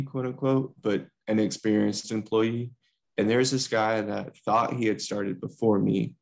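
A man's voice: on the low side, creaky, darkish tone. A young man co-hosting a podcast, casually telling a rambling workplace story with lots of fillers. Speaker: podcast co-host.

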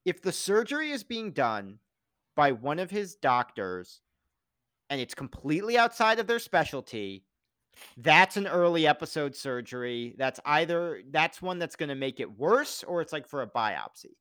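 A man's voice: on the high side, moderate pace, clean tone, no echo, clean studio sound. A man co-hosting a podcast, chatting casually and jokily, acting out quoted lines as he recaps a TV episode. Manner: animated, jokey, acts out quoted lines. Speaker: podcast co-host.

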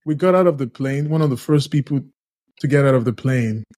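A man co-hosting a podcast in casual chat, telling stories in a teasing, animated way. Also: mid-range voice, fairly quick. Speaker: podcast co-host.

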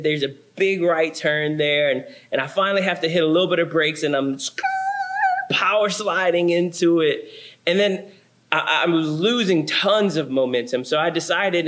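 Young guy pastor preaching, lively storyteller, kinda high voice. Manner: animated storytelling with laughs and sound effects. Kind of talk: sermon.

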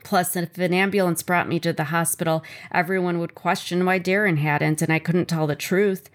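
A woman reads a chapter of her own memoir aloud. Her voice sits a little low, and her delivery is measured and earnest, a personal first-person reading. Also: steady tone.

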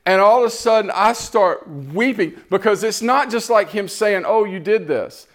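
A man's voice: sits high, moderate pace. A man giving an impassioned, earnest sermon testimony, repeating phrases as he builds.

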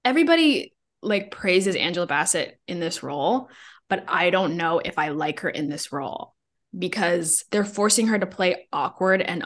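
A woman's voice: lowish voice, fairly bright tone. A woman co-hosting a podcast, recapping a film in casual chat with blunt jokes and frequent laughter. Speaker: podcast co-host.

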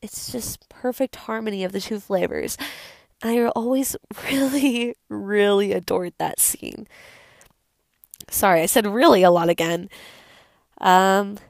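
A young woman talks loosely and enthusiastically about a favourite film, dropping fillers as she goes. Her mid-pitched voice carries a steady gravelly fry. The recording is dry and close, with no room sound. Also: a little slow, pauses often, dry recording. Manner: rambling, chatty, many fillers. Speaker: video host. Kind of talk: casual unscripted film talk.

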